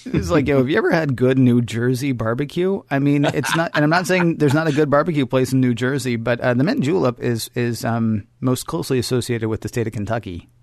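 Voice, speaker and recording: A man's voice: medium pitch, fairly even intonation, brisk, hardly any pauses, no room sound, clean studio sound. A man co-hosting a podcast in casual chat, rambling through jokey asides and laughing at himself. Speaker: podcast co-host.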